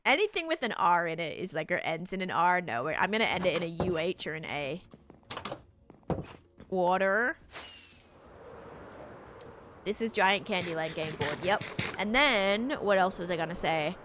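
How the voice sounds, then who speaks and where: A woman's voice: on the low side, sing-song, brisk, background noise. A young Australian woman chatting casually on a game stream, reading out chat and thanking supporters.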